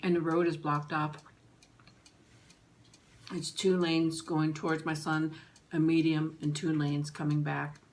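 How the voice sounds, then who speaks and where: A middle-aged woman vlogger telling a personal story in an emotional, halting way, with pauses and restarts. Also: sits low, level tone, darkish tone.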